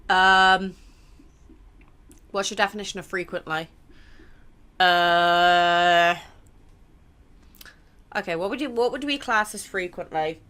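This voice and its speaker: A woman's voice: fairly low pitch, slow pace, pauses often, sharp tone, clean tone. A young woman gaming creator reading a game's questions aloud and answering them in a chatty, blunt way, swearing now and then. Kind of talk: casual let's play commentary, reading questions aloud.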